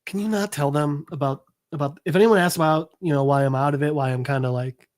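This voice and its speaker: A jittery young man, anxious and stammering, who begs in halting bursts , as a podcast host puts him on. The voice stays close to an everyday speaking voice. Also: on the high side, close to an everyday voice. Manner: stammering, fretful. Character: anxious young man hiding his medication.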